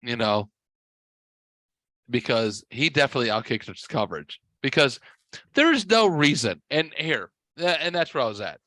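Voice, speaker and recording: A tipsy man hosting a podcast tells a rambling, foul-mouthed story. His voice is mid-pitched and sits close to the mic, dry and without room sound. When he gets worked up, it shoots high. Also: normal speed, dry recording. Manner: profane, rambling, voice jumps high when excited. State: tipsy from drinking. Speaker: podcast host. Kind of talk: casual storytelling.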